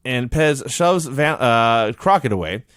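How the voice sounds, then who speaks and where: A man's voice: mid-range voice, expressive, measured pace, a bit bright, smooth, no room sound. A man co-hosting a podcast, retelling events in casual chat with dry understatement. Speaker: podcast co-host.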